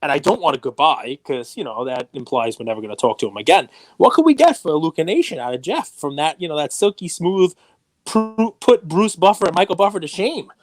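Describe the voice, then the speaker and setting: A man's voice: a little high, animated, brisk, dry recording. A man hosting a podcast, joking with his guest and talking enthusiastically. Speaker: podcast host. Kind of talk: casual chat.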